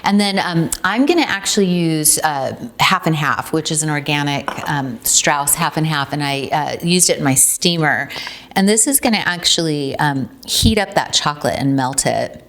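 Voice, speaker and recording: A woman's voice: low-pitched, lively intonation, normal speed, fairly bright tone. A middle-aged woman from Ukraine, the founder of a tea company, demonstrating a recipe in a chatty way with many ums. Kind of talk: casual recipe demo.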